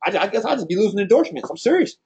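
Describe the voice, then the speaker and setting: A man with a slightly high, husky voice talks fast and bluntly to his team, full of slang and conviction. The recording sounds dull and lo-fi. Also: sing-song, darkish tone. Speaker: team trainer. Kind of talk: motivational team talk.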